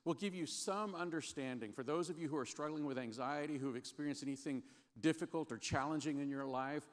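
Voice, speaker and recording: A man giving an earnest, halting chapel sermon with frequent restarts. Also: fairly high pitch. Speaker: guest chapel speaker. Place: large chapel hall. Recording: long hall reverb.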